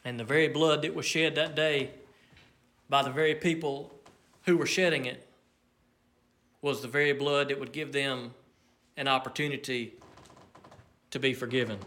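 A man preaching a sermon, earnest and measured, swinging between loud emphasis and near hush. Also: mid-range voice, fairly even intonation.

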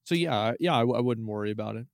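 A man's voice: mid-range voice, fast, gravelly, no echo. Guy cohosting a podcast, acts out his dad in stories, dead dry sound. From Texas. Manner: animated storyteller who acts out his dad's voice. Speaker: podcast co-host. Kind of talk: casual chat.

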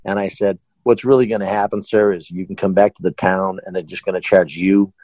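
A man who manages a haunted house, telling a funny customer anecdote with animated delivery and frequent laughs. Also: low-pitched, a little fast, dry recording, rough recording. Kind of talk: storytelling anecdote.

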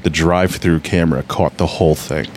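A man's voice: very deep voice, steady tone, a little fast, slight background noise. A man telling stories in a casual podcast chat, rambling and restarting often.

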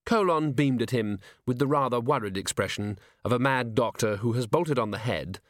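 Brief: wry, measured male narrator, dry close studio sound. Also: medium pitch, no room sound. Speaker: audiobook narrator. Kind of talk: scripted narration.

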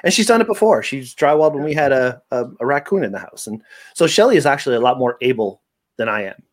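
A man with a Southern US accent co-hosts a casual podcast. His voice sits in a middle pitch, and he tells stories in a joking, easygoing way. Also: very animated, quick pace. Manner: jokey, laughs while telling stories. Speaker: podcast co-host. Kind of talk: casual chat.

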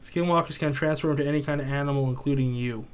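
A man's voice: a little high, steady tone, fast talker, smooth. Rambling, profane guy. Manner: rambling, profane, loose retelling with filler words. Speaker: podcast co-host. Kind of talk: casual chat, storytelling.

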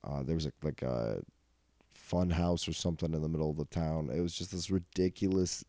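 Young male podcast host with a low, dark voice who rambles through profane anecdotes and laughs a lot. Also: brisk, no echo. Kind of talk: casual comedic storytelling.

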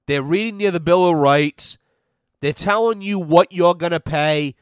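A man's voice: fairly high pitch, unhurried, clear, resonant tone, dry recording, clean studio sound. A young man hosting a podcast, telling a casual story in a profane, exasperated way and acting out what others said. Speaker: podcast host.

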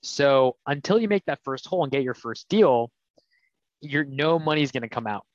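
A man co-hosts a casual podcast, explaining things candidly and retelling conversations. His voice is mid-pitched. The recording is dry and a bit muffled. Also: moderate pace, no echo. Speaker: podcast co-host. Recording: dull, dry sound.

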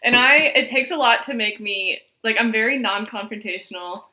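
A woman's voice: fairly high pitch, brisk, sharp tone. A young adult woman co-hosting a podcast, chatting casually with frequent "like" fillers and restarts. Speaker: podcast co-host. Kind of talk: casual chat.

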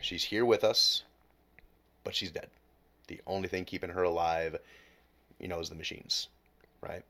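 A man in his late twenties with a very low, deep voice tells a painful story as a podcast guest. He swears freely and falls quiet and hushed at the hardest moments, speaking candidly and with raw emotion. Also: steady tone, normal speed, pauses often. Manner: emotional, heavy swearing, drops to near whisper at low points.

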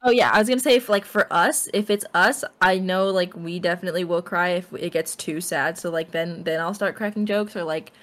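A woman's voice: fairly low pitch, fairly quick, few pauses, fairly bright tone. A young woman co-hosting a laid-back chat podcast. She rambles with plenty of fillers and breaks into giggles as she talks. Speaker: podcast co-host. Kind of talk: casual chat.

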